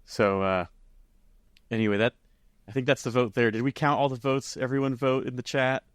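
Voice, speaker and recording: A man co-hosts a relaxed roundtable discussion, rambling and chuckling as he goes. His voice is mid-pitched and sits close and dry on the mic. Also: normal speed, smooth, no echo. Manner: relaxed, rambling, laughs often. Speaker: podcast co-host. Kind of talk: casual roundtable chat.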